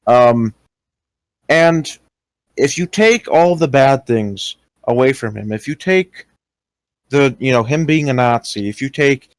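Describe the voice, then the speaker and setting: A man's voice: mid-range voice, slow pace, dry recording. Young guy on a voice call, lots of ums and restarts, plain mid voice, dry sound. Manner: hesitant, many fillers and restarts. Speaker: interviewee recounting experiences. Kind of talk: casual voice-call talk.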